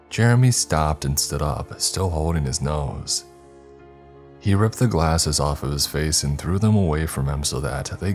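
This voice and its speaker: A man narrating a horror story in a measured, grave storytelling manner. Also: rumbling low, darkish tone.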